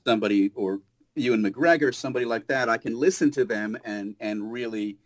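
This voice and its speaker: A man talking as a guest voice actor in a casual interview, thoughtful and animated, with frequent restarts. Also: mid-range voice, a little fast.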